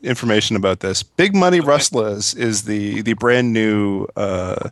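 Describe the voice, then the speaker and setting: A man's voice: lowish voice, measured pace, no echo, studio quality. A man on a comedy podcast adding mock-informative asides with some hesitation. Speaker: podcast co-host. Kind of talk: casual comedy podcast banter.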